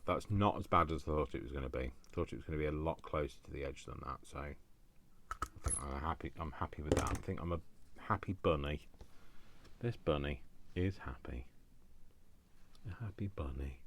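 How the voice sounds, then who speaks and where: Male craft host, very low voice, chatty self-talk with jokey asides. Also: gravelly, a bit bright, a little hiss or hum. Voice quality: deep voice. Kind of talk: thinking aloud while crafting.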